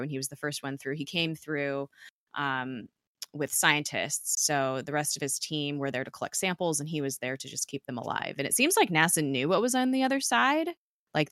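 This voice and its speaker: A woman's voice: deep voice, bright, forceful tone, no echo, studio quality. A woman casually retelling a TV episode, chatty and full of "like" and "um", quoting the characters in her own voice. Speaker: episode recapper.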